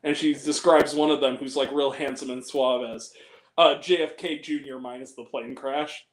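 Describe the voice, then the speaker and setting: A man hosting a live Q&A, chatting about movies in an animated, rambling way and swearing freely. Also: medium pitch, normal speed. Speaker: host. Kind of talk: casual movie chat.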